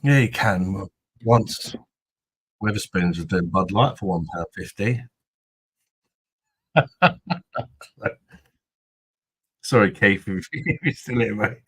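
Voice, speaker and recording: Male host, deep husky voice, loose crude banter with viewers. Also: measured pace, a bit bright, no echo, poor audio. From Kent, England. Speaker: host of a beer review live stream. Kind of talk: casual live-stream chat.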